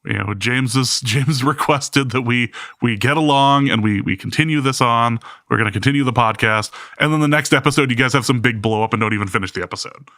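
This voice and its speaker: Podcast host, male, bright voice, dry close sound, wry and halting delivery. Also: mid-range voice, no echo. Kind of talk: casual chat.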